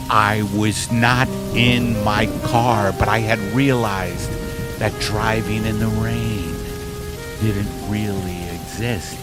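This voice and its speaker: A man hosting a comedy podcast, rambling through a surreal improvised story and chatting. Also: lowish voice. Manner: rambling, surreal, self-interrupting. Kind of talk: absurd improvised storytelling and casual chat.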